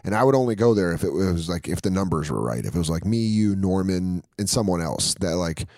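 A man in his thirties, a comedian in casual chat, telling stories animatedly and jumping up high when he quotes people. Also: brisk, no echo. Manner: animated storytelling, jumps up high for quoted voices. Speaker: comedian, podcast host.

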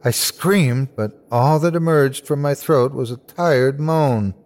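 A man's voice: takes it slowly, a little mellow. A man narrating a scary story in a scripted, dramatic way. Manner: dramatic, swings high for cries. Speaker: host and narrator.

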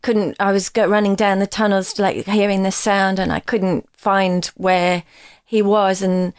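Woman, musician guest, rambling halting delivery, medium pitch, dry close sound. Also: flat delivery, clean tone, dry recording. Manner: rambling, halting storytelling with many restarts. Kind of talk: casual interview chat.

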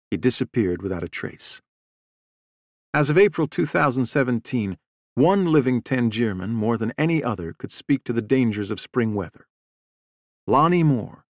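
A man reading a true sea-rescue story aloud in a measured, steady audiobook narration. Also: mid-range voice, no room sound, studio quality.

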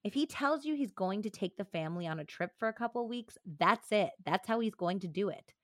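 Teen girl pleading and insisting, scared and angry, voiced by a woman reading a book aloud, flat dry audio. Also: mid-range voice, brisk, dry recording, lightly acted. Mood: urgent. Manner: urgent, insistent. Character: frightened angry teenage girl.

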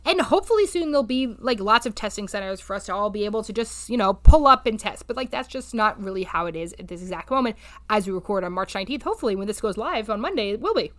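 A woman's voice: medium pitch, animated, fast, no room sound. Frank, casual woman podcast co-host. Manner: frank and casual, gives practical tips with personal examples. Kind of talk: casual advice chat.

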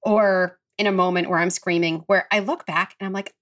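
A woman in her thirties or forties, a parenting psychologist speaking as a podcast guest, animated and acting out her own self-talk. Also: fairly low pitch, moderate pace. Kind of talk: conversational podcast interview.

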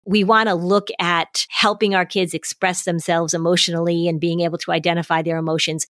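Middle-aged lady parenting expert on a podcast, kinda low voice, super dry sound. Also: level tone, a little fast, no room sound. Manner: warm explanatory, acts out parent quotes. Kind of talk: casual podcast conversation.

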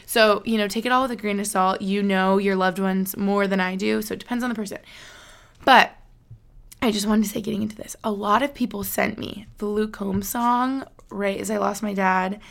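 A podcast host in her twenties speaks at a moderate pace in a medium-pitched voice with vocal fry and a steady tone. Talking alone, she's casual and candid, with many fillers and soft laughs.

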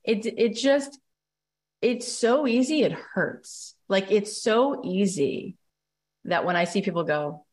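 A middle-aged American woman hosting a live podcast talk, speaking with emphatic, excitable energy and acting out quoted dialogue. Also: medium pitch, takes it slowly. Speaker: podcast host and business coach.

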